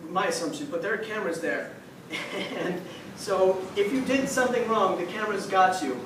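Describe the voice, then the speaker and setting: A man's voice: sits high, expressive, moderate pace. A seventeen-year-old man doing a stand-up routine on a club stage, chatty and laughing at his own jokes. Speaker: stand-up comedian. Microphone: mic on a stand. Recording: echoey room from far off, with background noise.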